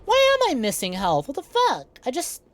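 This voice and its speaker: A woman's voice: high voice, wildly swooping pitch, moderate pace. A woman streaming a co-op game, telling rambling, profane stories to her chat in casual talk. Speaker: VTuber streamer.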